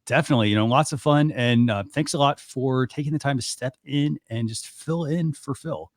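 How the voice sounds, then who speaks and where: A man's voice: medium pitch, moderate pace, no echo. A man hosting a live talk show in a loose, casual way with plenty of fillers. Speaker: host.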